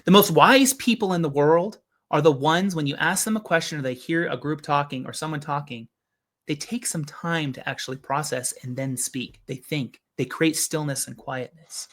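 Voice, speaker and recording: A man's voice: fairly high pitch, moderate pace, fairly bright tone. A man giving an earnest motivational talk as a business coach, often asking rhetorical questions.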